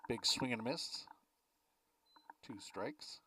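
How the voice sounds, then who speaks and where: A man calls a baseball game pitch by pitch in an easygoing, chatty way, filling the gaps between pitches with schedule notes and small remarks. His voice sits at an ordinary middle pitch for a man. The mic picks him up from a little way off. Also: slow pace, recorded from a distance, very noisy. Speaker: play-by-play announcer. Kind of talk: baseball play-by-play commentary.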